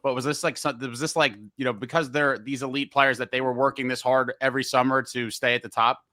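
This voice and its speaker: Bright-voiced man hosting an interview. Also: medium pitch, flat delivery, fast talker, dry recording. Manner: enthusiastic, rambling questions with many fillers. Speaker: podcast host and interviewer. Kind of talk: casual interview.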